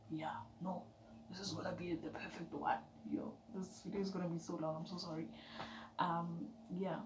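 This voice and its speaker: A woman giving an emphatic, chatty motivational vlog talk, dropping now and then into soft whispered asides. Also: lowish voice. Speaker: vlogger. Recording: echoey room with background noise.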